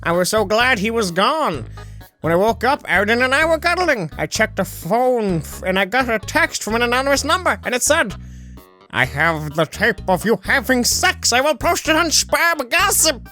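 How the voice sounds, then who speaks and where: A man voicing Skeletor, a skull-faced male cartoon villain sorcerer, reading in a flat, hammy way. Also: very high-pitched, normal speed, faint music behind, pitched above the performer's own voice, full character voice. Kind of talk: comedic reading of fan fiction.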